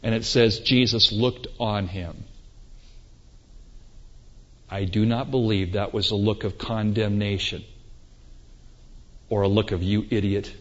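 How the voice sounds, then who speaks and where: A man preaching a sermon emphatically, swinging between loud climaxes and quiet moments, with rhetorical questions. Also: fairly low pitch, fairly even intonation, slow, long pauses. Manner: emphatic, rising and falling for effect, rhetorical questions. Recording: dull lo-fi recording.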